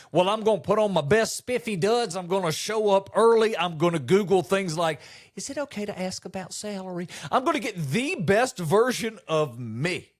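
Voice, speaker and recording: A middle-aged man hosting a comedy podcast, delivering an animated monologue and acting out quotes with mock disbelief. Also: high voice.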